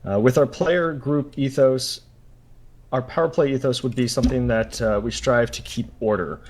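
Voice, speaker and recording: A man speaking for his player group, giving a prepared, formal pitch over a call. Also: steady tone, moderate pace, a little mellow. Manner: formal, speech-like delivery.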